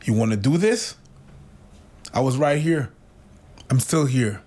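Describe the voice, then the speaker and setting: A man's voice: mid-range voice, lively intonation, measured pace, a little mellow. A man co-hosting a podcast, speaking in blunt, confrontational bursts of short, punchy lines. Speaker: podcast co-host. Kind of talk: heated podcast commentary.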